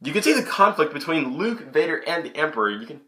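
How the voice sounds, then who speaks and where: A man's voice: on the high side, fast talker. A young man giving a casual, chatty film review into his camera. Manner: chatty, excitable, many restarts. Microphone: camera mic.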